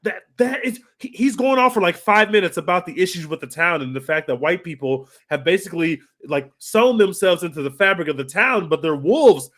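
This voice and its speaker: A podcast co-host in casual film review chat, talking excitedly and swearing freely as he gushes. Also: high-pitched, a little fast, hardly any pauses.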